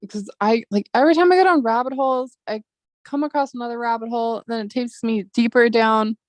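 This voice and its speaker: Profane, fast-ranting woman chat host. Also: on the high side, a little mellow, no echo. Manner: angry, profane, rambling. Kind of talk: casual livestream chat.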